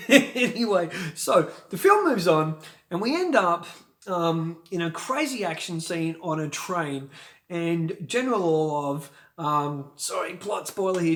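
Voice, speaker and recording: A man's voice: high voice, fairly bright tone. A man reviewing a film in a casual, enthusiastic and chatty way, with fillers and the odd laugh.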